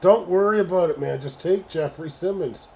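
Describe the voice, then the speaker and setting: A man's voice: high voice, moderate pace, creaky, a little mellow, slight background noise. A man hosting a late-night sports livestream, talking casually and profanely to his chat about fantasy football trades. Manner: profane, exasperated banter with chat. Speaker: livestream host.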